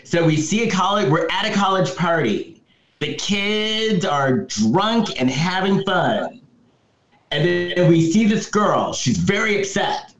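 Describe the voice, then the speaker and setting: A man co-hosts a casual podcast and retells a movie plot step by step, often answering with firm repeated yeses. His voice sits a little high. The recording is roomy and dull, like lo-fi audio in an echoing room. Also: very animated, takes it slowly, a bit bright, soft background music. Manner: storytelling recap, emphatic repeated yeses. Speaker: podcast co-host. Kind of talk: casual movie recap chat.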